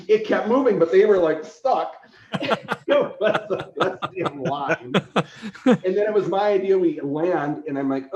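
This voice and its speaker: A man telling convention stories in casual chat, lively and laughing, acting out quotes. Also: sits high, a little slow. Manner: animated, laughing, acts out quoted voices. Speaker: convention organizer, podcast guest. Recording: roomy, dull lo-fi sound.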